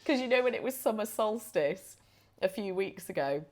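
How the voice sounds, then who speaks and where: A woman's voice: medium pitch, animated, normal speed. Chatty woman podcast co-host. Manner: chatty storyteller, laughs often. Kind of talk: casual chat.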